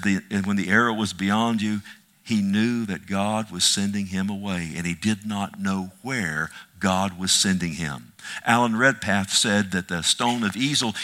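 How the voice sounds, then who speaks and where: Man, pastor, bright tense voice, fairly low pitch, slow scripture reading with questions to the room. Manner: reads scripture slowly, then asks the listeners pointed questions. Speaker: pastor teaching a Bible study. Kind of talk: expository Bible teaching with reading aloud.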